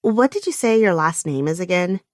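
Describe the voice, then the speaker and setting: A woman's voice: fairly low pitch, lively intonation, normal speed, no room sound, studio quality, lightly acted. A woman voicing a bored, officious female receptionist in an audiobook, curt and clipped. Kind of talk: audiobook character voice.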